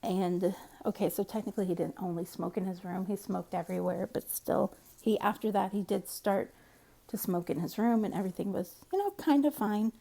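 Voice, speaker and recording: Woman, casual storyteller; soft, warm tone, rambling and candid. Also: mid-range voice, a little fast, gravelly.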